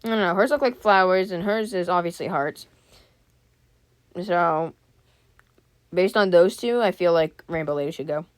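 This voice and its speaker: A woman reads a scary story aloud to her channel's viewers in a voice pitched a little low for a woman. The sound is clean, dry and close, with no echo or room around it. She keeps breaking off mid-sentence to joke, comment and apologize, then slips back into the story in a casual, chatty read-aloud.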